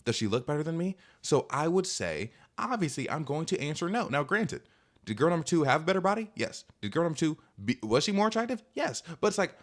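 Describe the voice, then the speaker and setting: A man's voice: fairly high pitch, very animated, a little fast. A young man vlogging, telling a rambling, defensive storytime full of filler words. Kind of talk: casual storytime monologue.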